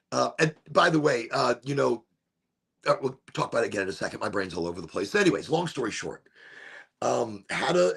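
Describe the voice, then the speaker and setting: A man's voice: fairly high pitch, vocal fry, husky. A man hosting a podcast, casually telling a rambling story with frequent laughs. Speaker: podcast host and youth soccer coach. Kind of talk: casual chat.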